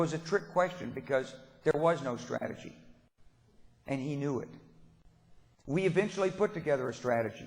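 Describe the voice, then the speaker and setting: Older man giving a speech in a reverberant hall. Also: on the high side. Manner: anecdotal, emphatic, folksy humor. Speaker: keynote speaker. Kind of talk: political dinner speech. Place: banquet hall at a dinner event. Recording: long reverb of a large hall.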